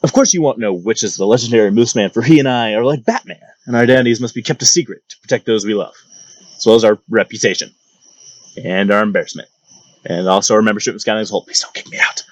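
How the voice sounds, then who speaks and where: A young man hosting a storytelling channel tells a comedic tale fast, with a mock-grand, sarcastic edge. His voice sits fairly low. He's recorded close on a dry mic with no room sound, and the highs are cut off.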